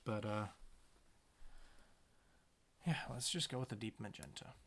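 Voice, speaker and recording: A man's voice: lowish voice, a little slow, a bit bright, a little hiss or hum. A man casually narrating as he paints a tiny picture, rambling to himself with playful sound words. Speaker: painter and video maker.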